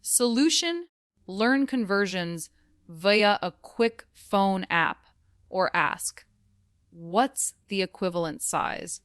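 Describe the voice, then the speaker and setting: Slow, smooth-voiced woman teaching English. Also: medium pitch, expressive, a bit bright, no echo, studio quality. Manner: slow, clear, instructive delivery. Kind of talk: scripted lesson narration.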